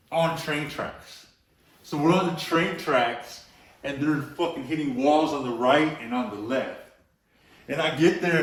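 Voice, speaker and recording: Slightly high-voiced and male, an LA graffiti artist tells profane, slang-heavy stories during a laid-back interview, leaning hard on "bro" and "you know." The mic is placed at a distance, so the room's echo comes through.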